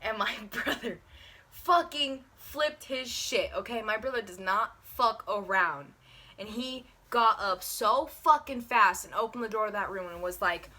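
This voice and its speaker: Young woman vlogging a storytime from her room, bright voice, swears a lot. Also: a little high, normal speed. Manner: profane, animated storytelling. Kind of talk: casual storytime. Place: bedroom at home. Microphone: handheld camera.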